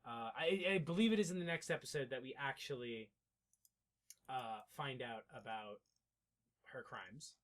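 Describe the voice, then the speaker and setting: A man co-hosting a casual podcast recap, rambling, swearing and acting out scenes in quick impressions. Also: medium pitch. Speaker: podcast co-host.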